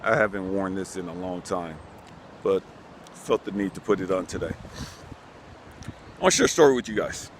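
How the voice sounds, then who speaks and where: A man's voice: low-pitched, normal speed, pauses often. A man hosting his own channel, telling a personal story in a casual, earnest way that turns emphatic as he gets worked up. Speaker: channel host. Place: outdoors on a breezy day. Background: wind and outdoor ambience.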